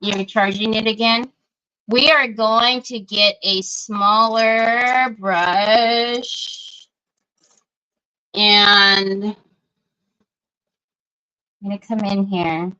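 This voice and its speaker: Slow, bright-voiced woman crafting live. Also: medium pitch, fairly even intonation, clear, resonant tone. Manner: chatty, greets viewers by name, Southern "y'all". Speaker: craft livestream host. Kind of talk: casual chat while crafting live. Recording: dull lo-fi livestream audio.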